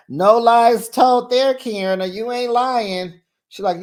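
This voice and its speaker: A woman's voice: medium pitch, expressive, a little slow. A woman hosting a casual reality show recap, chatty and gossipy, laughing often and calling listeners honey and child.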